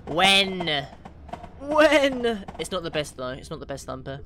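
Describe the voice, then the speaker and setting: A man from the UK chatting casually with his viewers during a live game stream, reading out their names and getting excited now and then. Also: mid-range voice, fast, slight background noise. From United Kingdom. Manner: chatty, reads out chat names, bursts of excitement. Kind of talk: casual gaming livestream chat.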